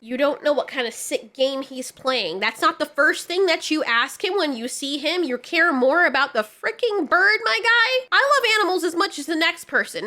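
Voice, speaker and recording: A woman reviewing an animated show in an exasperated, sarcastic rant, swearing freely and sounding a bit unwell. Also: sits high. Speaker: video reviewer. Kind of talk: ranting review commentary.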